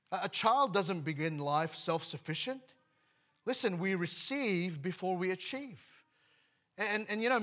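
A man's voice: high voice, a bit bright. A man preaching a sermon to his congregation, emphatic, often restarting words and letting his voice drop at the end of phrases. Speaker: pastor.

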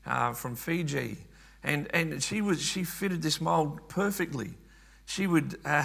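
A man's voice: fairly high pitch, vocal fry, sharp tone. A man preaching a sermon earnestly, often repeating words and restarting phrases.

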